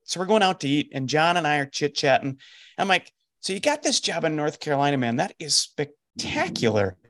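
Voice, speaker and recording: A man's voice: on the high side, a little fast. A middle-aged man, a coach hosting a podcast, telling a story in casual conversation and acting out the dialogue. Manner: animated storyteller, acts out quoted dialogue. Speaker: life coach and podcast host.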